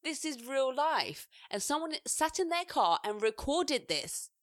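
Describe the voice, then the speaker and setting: A young woman co-hosting a podcast, telling animated stories and acting out what people said in casual chat. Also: sits high, measured pace, dry recording, clean studio sound. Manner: animated storyteller, acts out quotes loudly. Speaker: podcast co-host.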